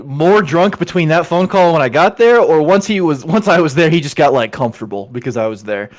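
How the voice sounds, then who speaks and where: A young man with a rather high, very lively voice tells a story on a podcast. He acts out the people in it and swears freely, swinging up and down in pitch as he goes. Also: a little fast. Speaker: podcast host. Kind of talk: casual storytelling chat.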